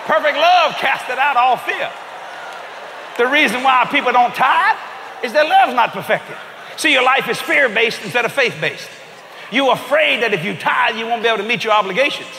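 A man preaches with bright exuberance, his unusually high voice swooping widely as he shouts, laughs and acts out scenes. He is recorded live in a large, reverberant church hall. A congregation can be heard around him. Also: animated, moderate pace, a faint crowd, slight background noise. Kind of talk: comedic sermon.

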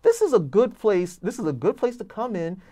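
A man's voice: high voice, sing-song, moderate pace, warm tone. A man reviewing comic books in casual chat, enthusiastic and rambling with lots of fillers.

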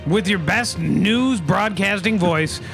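A man's voice: high-pitched, takes it slowly, creaky, a bit bright, soft background music. A man hosting a comedy podcast, leading the bit in a mock-serious way. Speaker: podcast host. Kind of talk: comedic banter.

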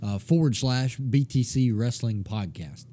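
A man's voice: medium pitch, animated, a little slow, mellow. A man co-hosting a comedy wrestling podcast, teasing his partner and laying out the game rules. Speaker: podcast co-host. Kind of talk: casual comedic chat.

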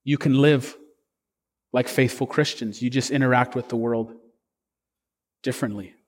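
A man's voice: medium pitch, fairly even intonation, moderate pace, long reverb tail. A man preaching a sermon as pastor, earnest and conversational, with fillers and restarts.

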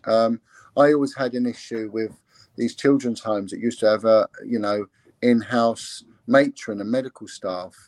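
This former police investigator has a mid-range, darkish voice, with no room sound. He talks earnestly in a candid interview, often restarting and using fillers.

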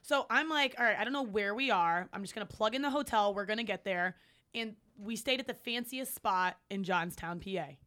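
Fast talking woman podcast cohost, gets fired up, bright sharp voice. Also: mid-range voice. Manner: quick, fired-up, competitive storyteller. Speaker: podcast co-host. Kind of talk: casual chat.

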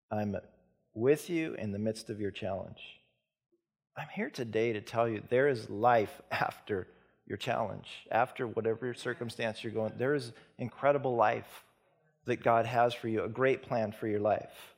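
Man, pastor, sermon, gravelly tone, middle pitch, earnest, repeats words. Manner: earnest preaching with repeated words and soft, slow stretches.

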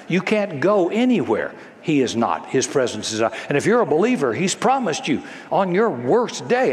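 A man preaching a sermon, dramatically acting out the voices of the people he quotes. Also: fairly high pitch. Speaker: pastor. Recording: echoey hall with long reverb.

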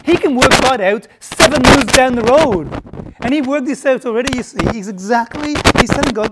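A man's voice: extremely high pitch, expressive. Emphatic male preacher over heavy noise. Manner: emphatic, conversational, pauses for effect. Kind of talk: sermon. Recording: loud background noise.

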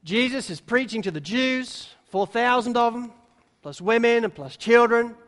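A man preaching a sermon, now and then acting out the disciples' words in quick little voices. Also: very high-pitched, expressive, a bit bright. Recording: long hall reverb.

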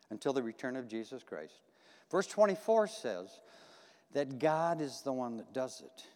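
A man's voice: fairly high pitch, a little mellow. A man preaching a conversational sermon in a church, folksy and repetitive, asking the congregation questions. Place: church sanctuary. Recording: long hall reverb.

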